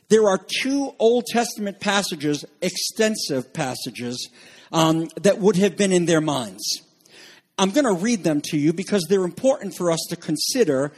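Husky-voiced male pastor preaching. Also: high-pitched. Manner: earnest preaching, emphatic on key phrases, with fillers and asides. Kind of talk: sermon.

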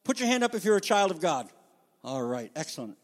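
Animated high-voiced male preacher, reverberant hall. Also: brisk. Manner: animated preaching, dramatic emphasis. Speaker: pastor. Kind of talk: sermon.

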